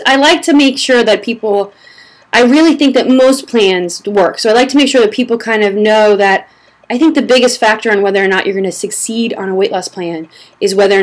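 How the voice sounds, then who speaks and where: A young woman chatting casually to camera as a blogger answering reader questions, a little short of breath, rambling with fillers and restarts. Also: mid-range voice. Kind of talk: casual vlog chat.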